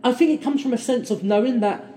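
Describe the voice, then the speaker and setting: A podcast co-host chats casually about films, rambling enthusiastically and quoting people in put-on voices. He talks fast in a very high, mellow voice, recorded in an echoey room.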